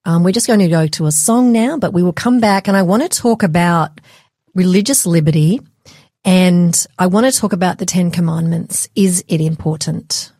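Low, mellow-voiced woman hosting an interview. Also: normal speed, no echo, studio quality. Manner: earnest, encouraging questioner. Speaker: host.

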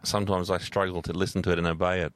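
A man's voice: sits low, flat delivery, rapid-fire, no room sound. A man co-hosting a radio chat, agreeable and reading scripture aloud. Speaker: radio co-host.

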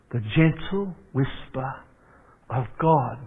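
Male pastor, slow and deliberate sermon delivery, slightly high voice, thin phone-like broadcast sound. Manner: preaching with repeated rhetorical questions. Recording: tinny phone-like radio broadcast.

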